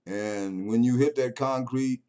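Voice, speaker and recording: A man preaching a sermon, swinging between loud raised lines and low murmured passages. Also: measured pace. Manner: preaching with rising chanted bursts and low murmured stretches.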